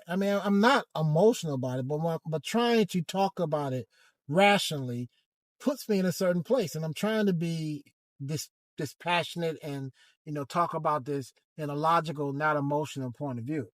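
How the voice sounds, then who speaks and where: A man giving a hesitant, halting commentary monologue from inside a car, with frequent restarts. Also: on the high side, no room sound. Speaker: vlogger.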